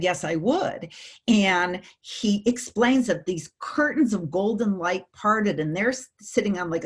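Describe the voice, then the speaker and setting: A middle-aged woman telling a personal story in an interview, animated and emotional, acting out the voices of the people in it. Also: medium pitch, husky. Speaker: guest speaker.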